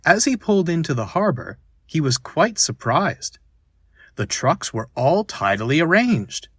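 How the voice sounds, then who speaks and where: A man narrating a children's storybook, slow and expressive. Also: on the high side, breathy edge, dry recording, clean studio sound.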